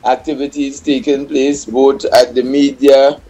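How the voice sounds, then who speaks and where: A man interviewed by phone on a radio show, speaking in a measured, informative way. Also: medium pitch, flat delivery, warm tone. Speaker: guest on the phone. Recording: dull lo-fi phone line.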